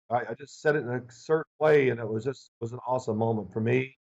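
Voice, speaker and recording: A man's voice: mid-range voice, quick pace, few pauses, rough recording. A man in his sixties, a former quarterback, telling stories in an interview and acting out his old coach's lines. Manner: animated anecdotes, acts out quoted coach in raised voice. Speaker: former football quarterback, guest. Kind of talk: storytelling interview answers. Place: remote video call.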